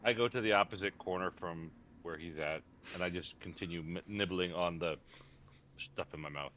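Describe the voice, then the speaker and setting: A man's voice: deep voice, normal speed, bright, forceful tone, slight background noise. A man playing a tabletop game, describing his actions in a casual way. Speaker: player.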